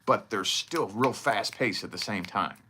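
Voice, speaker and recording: A man's voice: on the low side, unhurried, bright, forceful tone, a little hiss or hum. A man from southern Indiana with a slight country twang, giving a rambling, profane casual monologue on his vlog. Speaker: vlogger.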